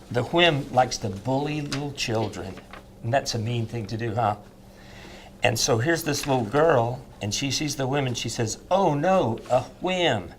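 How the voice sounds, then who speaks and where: A man playing a train engineer on a children's TV show, speaking gently and kindly to the kids. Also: mid-range voice, slight background noise. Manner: gentle, friendly, simple words for kids.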